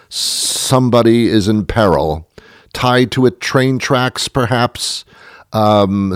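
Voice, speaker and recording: A man telling a ranting comic story, mocking himself and swinging from loud outbursts to mutters. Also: lowish voice, no echo, studio quality. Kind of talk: comedic storytelling monologue.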